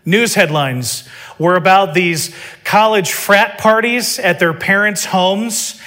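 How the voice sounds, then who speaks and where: Emphatic preacher with a high voice. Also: male voice, slow, pushed and bright. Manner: emphatic, full of rhetorical questions. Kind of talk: sermon.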